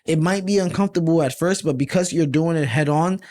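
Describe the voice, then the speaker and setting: A man co-hosting a podcast, a little tipsy from drinking. He chats casually in a fairly high voice, often halting and restarting his words. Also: darkish tone. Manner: halting, restarts words, says he is slurring from liquor. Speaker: podcast co-host. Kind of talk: casual chat.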